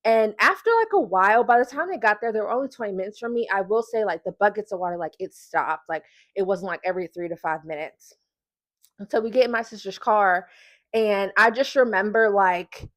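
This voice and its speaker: Animated woman vlogger, dry close sound. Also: mid-range voice, no room sound. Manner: animated, breaks into laughter, many filler words. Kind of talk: casual storytelling to camera.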